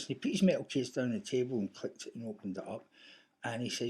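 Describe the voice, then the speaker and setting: A man's voice: mid-range voice, sing-song, fairly quick, a little mellow, husky. A Scottish man talking casually to camera in a rambling, anecdotal way. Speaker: vlogger.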